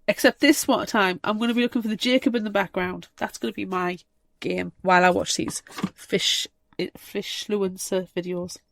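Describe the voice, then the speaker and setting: Brief: teasing woman podcast co-host, mid-pitched, dry close sound. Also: steady tone, normal speed, gravelly, a bit bright, no room sound. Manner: giggly, teasing. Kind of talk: casual chat.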